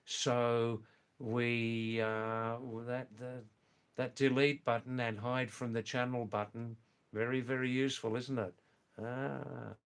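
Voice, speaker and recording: An older retired man from England and Australia chats to his live stream viewers. He speaks at an unhurried, slow pace in a mid-range voice. He repeats himself gently as he reads their messages. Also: medium pitch, little pitch movement, clear, resonant tone. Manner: slow, gentle and repetitive, often says "you know" and "yes". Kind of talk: live stream chat reading viewer comments.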